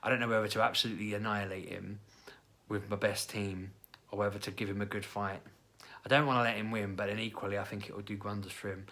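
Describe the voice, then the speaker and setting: A man in his thirties telling a family story in a casual vlog, jumping into high, animated voices when he quotes people. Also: fast. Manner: chatty, acts out quoted lines with sudden high-pitched voices. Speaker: parent vlogger.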